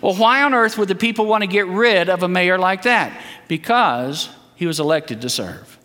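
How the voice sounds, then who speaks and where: A man's voice: high-pitched, lively intonation, moderate pace, bright, forceful tone, big-room sound. A man preaching a sermon as a guest preacher, leading the congregation in call-and-response statements.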